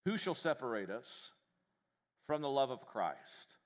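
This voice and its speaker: A man preaching a sermon in a church, folksy and joking, with animated delivery. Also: mid-range voice, a little slow. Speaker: pastor.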